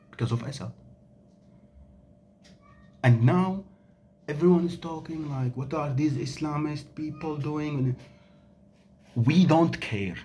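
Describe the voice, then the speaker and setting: A man's voice: a little high, a little mellow. Angry, emphatic Syrian man. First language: Arabic. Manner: angry, emphatic, rhetorical questions. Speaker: vlogger. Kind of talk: impassioned monologue to camera.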